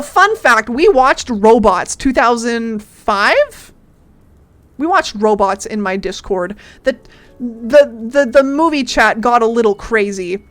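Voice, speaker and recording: A young woman from Canada chatting casually on a livestream, giggly and excitable, swearing casually as she talks. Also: on the high side. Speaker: streamer.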